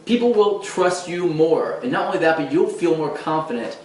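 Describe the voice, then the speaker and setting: A man's voice: a little high, animated, moderate pace, a little mellow, a little hiss or hum. Earnest male coach in an echoey room. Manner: earnest, with frequent restarts and fillers. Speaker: dating and confidence coach. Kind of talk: direct-to-camera advice talk. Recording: roomy echo, mic at a distance.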